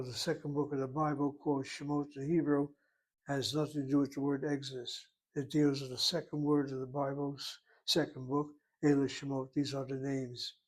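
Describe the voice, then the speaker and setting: A man teaching a language class, explaining slowly and methodically and repeating words to break them into syllables. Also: mid-range voice. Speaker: Hebrew teacher. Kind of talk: classroom lecture.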